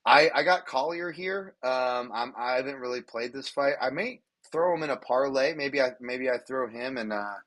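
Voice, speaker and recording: A man hosting a podcast, chatting casually and in an animated, self-deprecating way. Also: normal speed, hardly any pauses. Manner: animated, self-deprecating, laughs and jumps in pitch. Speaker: podcast host. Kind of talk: casual podcast chat about fight betting.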